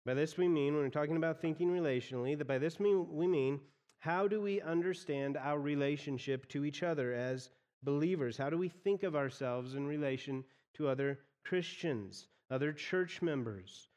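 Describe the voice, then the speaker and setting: A man's voice: a little high, darkish tone, in a large hall. A man preaching an expository sermon as pastor, often repeating phrases as he explains a text.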